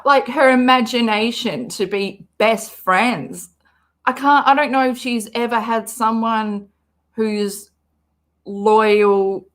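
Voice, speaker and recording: A woman's voice: medium pitch, fairly bright tone. A woman with an Australian accent, chatting bluntly and casually as she reacts to a podcast for her stream, swearing freely. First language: English.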